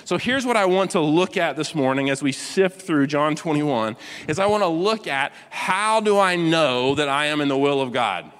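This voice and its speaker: A man in his forties with a slightly high voice preaches in a lively, self-mocking storytelling way, tossing questions out to his listeners. His voice carries a long reverb from a large hall. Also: normal speed, clear, resonant tone. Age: 40s. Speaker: pastor. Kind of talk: sermon with personal story.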